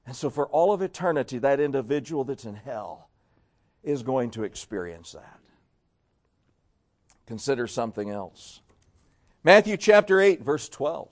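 A man preaching a sermon as pastor, dramatic, swinging between loud emphasis and hushed low tones and stretching out words for weight. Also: sing-song, unhurried, pauses often.

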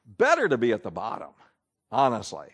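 A man preaching a sermon to a congregation, folksy and animated, swinging between loud bursts and soft asides. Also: medium pitch, a little fast, breathy edge. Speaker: pastor.

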